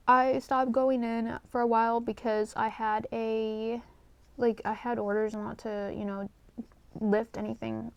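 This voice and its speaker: Woman vlogger rambling through a personal story, lots of vocal fry, swears a lot, kinda emotional and confessional, dry sound. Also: fairly high pitch, darkish tone, dry recording. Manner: candid and rambling, with many fillers and swearing. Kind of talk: casual storytime.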